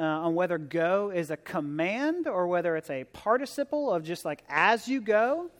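A man giving a sermon as a visiting preacher, earnest and conversational, often restarting and repeating words, rising to emphatic exhortation. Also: high-pitched. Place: church sanctuary. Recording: long reverb of a large church hall.

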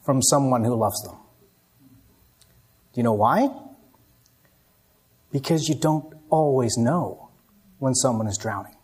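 A man giving an evening sermon, telling a story dramatically and moving between hushed and raised passages. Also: mid-range voice, breathy edge. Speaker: pastor.

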